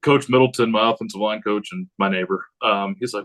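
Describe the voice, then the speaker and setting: A man who is a high school head football coach, talking casually on a podcast in a rambling way and acting out what he says to players. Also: quick pace, low-quality recording. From United States. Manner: rambling, animated, acts out quotes of himself.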